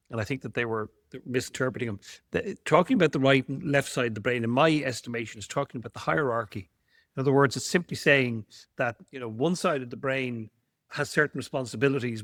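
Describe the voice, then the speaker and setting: A man interviewing a colleague, talking in a thoughtful, halting way and often repeating words. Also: medium pitch, a bit bright, no echo, clean studio sound. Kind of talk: casual chat.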